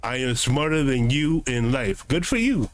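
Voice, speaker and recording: A man's voice: mid-range voice, lively intonation, normal speed. A man streaming a game, answering his live chat in a combative, sarcastic, lecturing way.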